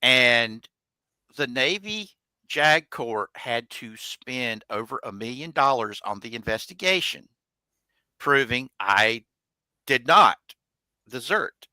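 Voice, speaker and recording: A man's voice: medium pitch, expressive, slow pace, pushed and bright, no room sound, rough recording. A man hosting a casual live chat, telling a long personal story in plain, salty language and acting out what others said. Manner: colloquial, swears freely, acts out quoted people. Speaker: podcast host.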